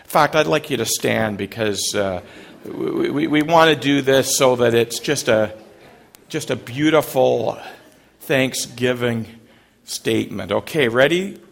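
Chatty pastor leading a church service. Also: male voice, mid-range voice, a little slow, vocal fry. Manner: conversational, frequent "uh" fillers, questions and light jokes to the congregation. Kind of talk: sermon. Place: church service before a congregation.

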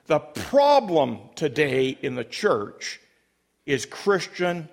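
A man's voice: a little high, very animated, slow pace, vocal fry, exaggerated voice. A man voicing a prim older churchwoman who lectures insistently about obedience. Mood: lecturing. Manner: preachy, insistent.

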